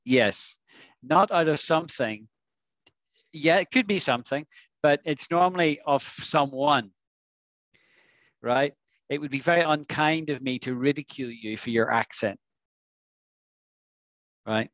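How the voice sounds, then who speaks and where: A man teaching an English vocabulary lesson in an online class, patiently coaxing students and modelling pronunciation slowly. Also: a little high, fairly bright tone, no echo, muffled recording. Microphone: video call.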